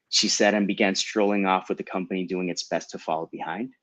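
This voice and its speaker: A man with a fairly low voice reads from his own novel, steady and measured, with dramatic pauses. The recording is dull and lo-fi. The room sounds dry, as on a video call. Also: dry recording. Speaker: host and author.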